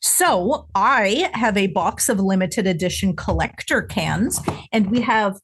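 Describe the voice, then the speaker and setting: A woman's voice: mid-range voice, lively intonation, slow, a little hiss or hum. A young woman co-hosting a music podcast, chatting casually and giving blunt, matter-of-fact opinions. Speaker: podcast co-host. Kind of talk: casual chat.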